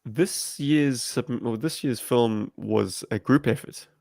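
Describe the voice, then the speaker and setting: A man's voice: medium pitch, slow, vocal fry, darkish tone, dry recording, clean studio sound. A man from South Africa, a guest on a video-call livestream, talking in a rambling, self-deprecating way with many fillers. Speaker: amateur filmmaker guest. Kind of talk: livestream discussion.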